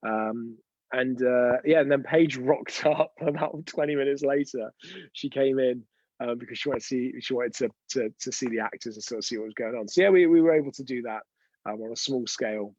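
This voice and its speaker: A man's voice: medium pitch, fairly quick, a little mellow, no echo, muffled recording. A man hosting an unscripted live stream, telling chatty, rambling anecdotes with frequent restarts. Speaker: host of a weekly live show.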